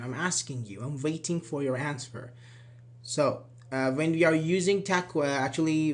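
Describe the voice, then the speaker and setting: Guy teaching grammar online, slightly high voice, keeps repeating examples with rising and falling tones. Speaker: English teacher.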